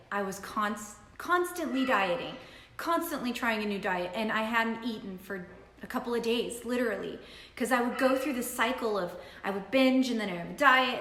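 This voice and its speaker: A woman's voice: a little high, a bit bright. A woman nutritionist telling her personal story in an earnest, emphatic way, repeating her points. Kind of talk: personal testimony talk. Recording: roomy echo.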